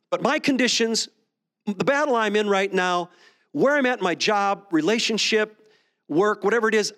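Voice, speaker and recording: A man's voice: sits high, animated, normal speed, a bit bright. A man preaching a Sunday sermon in a conversational way, with many restarts. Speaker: pastor. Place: church sanctuary.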